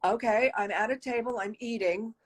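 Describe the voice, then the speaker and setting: A woman's voice: on the high side, normal speed. A woman puppeteer talking animatedly in an interview, laughing often and acting out quoted voices. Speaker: puppeteer guest. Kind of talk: casual interview chat.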